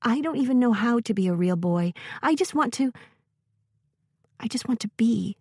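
A woman's voice: a little high, animated, moderate pace, darkish tone, husky, no room sound, clean studio sound, pitched above the performer's own voice. A woman voicing a frightened small boy pleading for his life. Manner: pleading, shaky.

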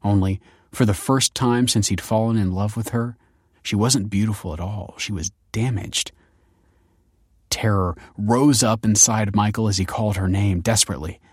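Low-voiced male audiobook narrator. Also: breathy edge, no echo, studio quality. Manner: measured storytelling.

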